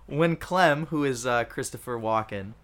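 A man's voice: medium pitch, unhurried, a bit bright, clear, resonant tone. A man co-hosting a casual movie podcast, joking sarcastically and laughing often. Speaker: podcast co-host.

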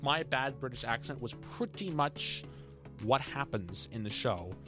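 A man's voice: mid-range voice, unhurried, faint music behind. A young man co-hosting a podcast, chatting casually and rambling with many restarts. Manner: rambling, restarts often, lively. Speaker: podcast co-host. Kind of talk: casual chat.

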